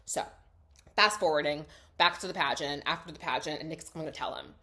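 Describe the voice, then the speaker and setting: A woman's voice: low-pitched, brisk. Chatty woman gushing through a film recap. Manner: chatty, lots of "like", swings between loud gushing and hushed asides. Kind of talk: casual spoken film recap.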